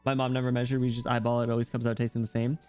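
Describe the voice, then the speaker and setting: A man's voice: mid-range voice, monotone, rapid-fire, a little mellow, clean tone, soft background music. A man streaming and chatting casually with his viewers, rambling and poking fun at himself. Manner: rambling, self-deprecating, joking.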